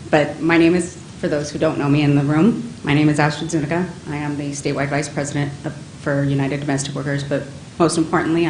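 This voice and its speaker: A woman's voice: low voice, darkish tone. A woman giving public comment as a home care provider and union officer, composed and personable. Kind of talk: public comment at a county meeting. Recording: echoey meeting room with faint noise.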